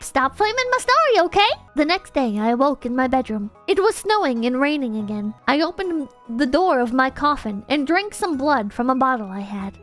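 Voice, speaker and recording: A young adult woman streamer doing a mocking comedic reading with sarcastic asides. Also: high-pitched.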